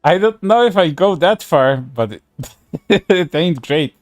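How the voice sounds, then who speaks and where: A man's voice: fairly high pitch, expressive, a little slow, no echo, faint music behind. Sarcastic man streaming commentary. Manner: sarcastic, laughing, swearing often. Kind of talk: casual commentary reading posts aloud.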